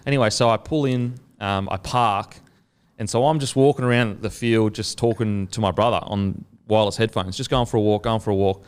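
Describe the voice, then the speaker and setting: A man's voice: fairly low pitch, fairly even intonation, fairly quick, clear, resonant tone. A man with an Australian accent, hosting a casual chat and telling a story with lots of swearing and quoted lines. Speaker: podcast host.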